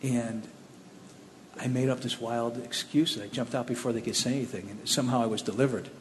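Telling his own testimony, a Cleveland-area man speaks fairly quickly in a middle pitch, animated and plainspoken, restarting now and then. A long reverb tail from the roomy hall surrounds him, along with faint ambience and slight background noise.

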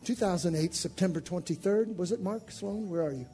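A male pastor preaching an impassioned sermon with an altar call, swinging from hushed lines to shouted ones. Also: high-pitched, brisk, soft background music.

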